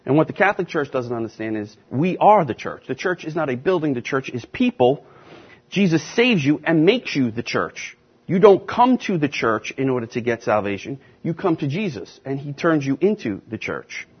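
Husky, emphatic male preacher. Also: medium pitch, sing-song. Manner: emphatic, stresses key words with slow deliberate repetition. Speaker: pastor teaching a class. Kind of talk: sermon-style Bible teaching. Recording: dull lo-fi recording.

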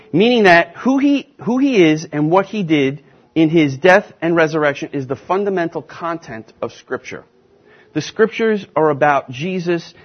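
A man preaching and teaching a Bible class, emphatic and deliberate, stressing key words with slow repetition. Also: a little high. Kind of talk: sermon-style Bible teaching. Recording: dull lo-fi recording.

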